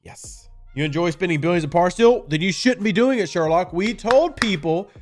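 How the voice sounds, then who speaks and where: A man with a high-pitched, animated voice hosts a casual game live stream at a moderate pace over soft background music. Sarcastic and chatty, he talks to his viewers and answers their questions.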